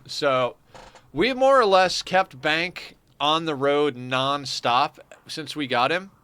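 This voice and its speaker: A man's voice: fairly high pitch, lively intonation, slow pace, pushed and bright, smooth. A man streaming a game, giving loose, rambling, chatty commentary and swearing now and then. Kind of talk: casual let's-play commentary.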